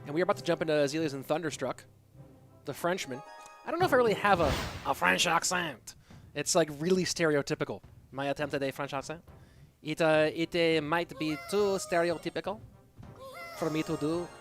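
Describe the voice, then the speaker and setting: Man, high voice, esports caster, chatty, reads chat, loud music behind. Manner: chatty, reads and answers chat between excited play calls. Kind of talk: solo live esports commentary with chat reading.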